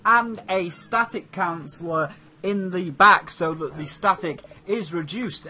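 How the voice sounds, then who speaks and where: A man's voice: high voice, bright, forceful tone, slight background noise. A man giving casual, joking gameplay commentary as a let's play host, into a condenser mic with a pop filter. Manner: chatty, joking. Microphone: USB condenser with pop filter.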